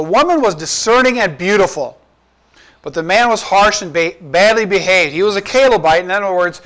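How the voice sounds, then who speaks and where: A man's voice: sits high, a bit bright. A man giving a sermon, retelling and explaining a scripture passage in a conversational way with rhetorical questions. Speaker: pastor.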